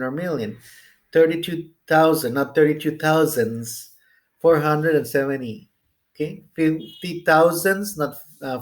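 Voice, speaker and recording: A man with an American accent explaining English grammar and numbers in a recorded lesson, often checking in with "okay?". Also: on the high side. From United States. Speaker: English teacher.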